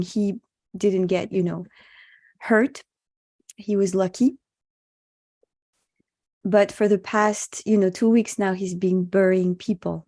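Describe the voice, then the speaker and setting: A woman's voice: medium pitch, dark tone. A woman rabbi giving an earnest, reflective spoken teaching at an online meditation session, mixing in Hebrew religious terms, heard over a video call.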